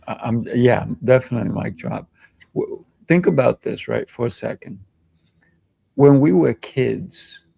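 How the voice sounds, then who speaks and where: Gravelly-voiced man telling stories. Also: medium pitch, no room sound. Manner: animated, acts out children's voices in anecdotes. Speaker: kung fu instructor and show host. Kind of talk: casual discussion, storytelling.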